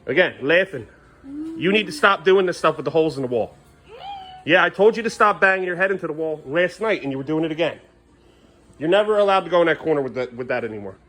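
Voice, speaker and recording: A man's voice: a little high, expressive, fast, pushed and bright. A father at home scolding his sons and venting his frustration, recorded on a handheld phone with faint household noise behind him. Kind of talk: casual home vlog. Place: family home indoors.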